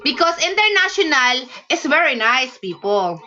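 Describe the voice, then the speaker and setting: A woman's voice: high voice, very animated, normal speed, sharp tone, muffled recording. A woman from the Philippines with a Filipino accent, chatting playfully in simple broken English on a casual livestream and laughing often. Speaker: livestream host. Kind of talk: casual livestream chat reading comments.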